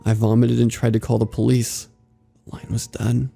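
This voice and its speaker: A man narrating first-person horror stories in a steady, grave, scripted storytelling manner. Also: mid-range voice, moderate pace, vocal fry, faint music behind.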